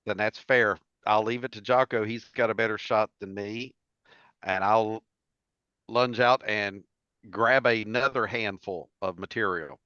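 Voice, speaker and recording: A man's voice: fairly low pitch, measured pace, pushed and bright, clean tone. A man playing a tabletop game, giving short agreeable replies. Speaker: player. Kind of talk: casual tabletop play. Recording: dull lo-fi mic.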